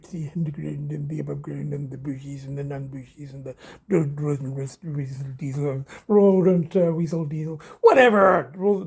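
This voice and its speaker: A man's voice: sits high, vocal fry, mellow, husky, low-quality recording. A middle-aged man vlogging in a rambling, casual way, full of fillers and swearing, cooing to his cats. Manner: coos baby talk to his cats.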